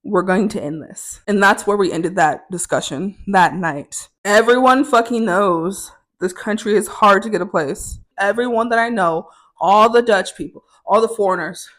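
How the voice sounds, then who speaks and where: A young woman telling a story in a vlog, candid and profane, getting more heated as she goes. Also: medium pitch. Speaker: vlogger.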